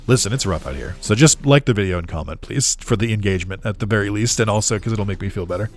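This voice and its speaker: A man's voice: on the low side, fairly quick, soft background music. A man chatting casually while streaming a game, ranting sarcastically, swearing a lot and laughing often. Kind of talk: casual gaming stream chat.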